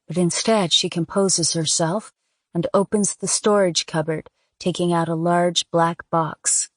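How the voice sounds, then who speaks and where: A woman narrates a first-person audiobook in an unhurried, intimate way. Her voice sits somewhat low. The recording is dry and close, with no room echo. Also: little pitch movement.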